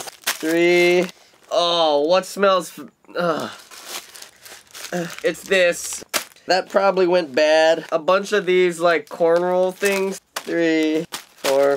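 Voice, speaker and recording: A man's voice: on the high side, a bit bright, slight background noise. A man talking casually to his camera as a vlogger, chatty and rambling, often laughing as he goes. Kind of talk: casual vlog talk to camera.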